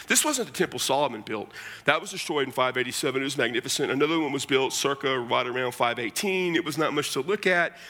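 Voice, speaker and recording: An American man preaching a sermon, explaining scripture in an animated, conversational way with casual asides. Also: medium pitch, quick pace. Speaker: pastor.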